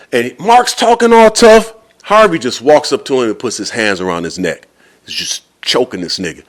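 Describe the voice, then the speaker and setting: A man spins a story in a loose, casual voice with plenty of slang. His pitch sits in an ordinary middle range, and he talks like he's catching up with a friend. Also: moderate pace. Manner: casual, animated, laid-back slang. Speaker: podcast host.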